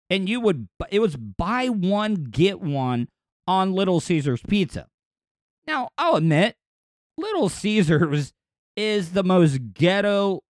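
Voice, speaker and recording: A man's voice: fairly high pitch, no echo, clean studio sound. A man, chatting casually as a podcast host, rambling, repeating words and laughing easily. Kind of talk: casual chat.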